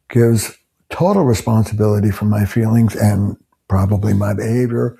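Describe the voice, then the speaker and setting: A man's voice: fairly low pitch, normal speed, vocal fry, dark tone, breathy edge. An older man, a couples therapist, earnestly explaining ideas to camera and acting out example phrases. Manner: earnest, emphatic, acts out example quotes.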